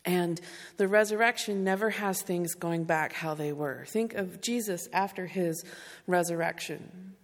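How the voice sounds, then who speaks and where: Tender woman pastor with a gravelly voice. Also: on the low side, a little slow, big-room sound. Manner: tender, pastoral, addresses the congregation directly. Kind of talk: sermon.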